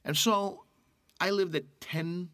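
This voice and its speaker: A Canadian man telling lively stories in a casual chat, acting out other people's lines. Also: sits high, takes it slowly, no echo. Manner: animated storyteller, acts out quoted voices.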